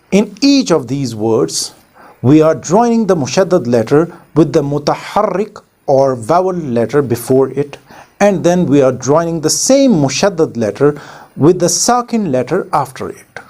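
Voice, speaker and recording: A man teaching Quran recitation in a deliberate voice-over, spelling out letters and sounds one by one and putting questions to the viewer. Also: a little high, mellow. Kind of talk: slow, deliberate instructional voice-over.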